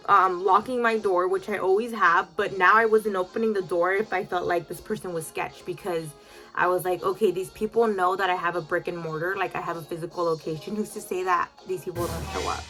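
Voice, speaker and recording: A chatty woman tells a storytime vlog to her followers, full of "like" and fillers and openly emotional. Her voice sits low for a woman yet sounds sharp and bright. Faint music plays behind her. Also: steady tone, fairly quick. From United States. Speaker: boutique owner telling a story to followers.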